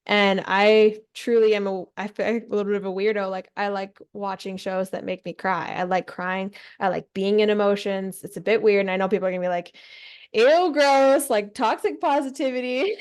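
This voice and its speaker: A woman co-hosting a podcast in casual chat, candid and self-deprecating. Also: medium pitch. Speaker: co-host.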